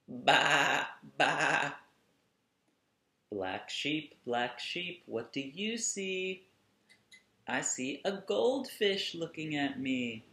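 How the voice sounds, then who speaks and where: A man working as a children's museum educator, reading a picture book aloud to kids in a gentle, expressive, playful way. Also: mid-range voice, roomy sound.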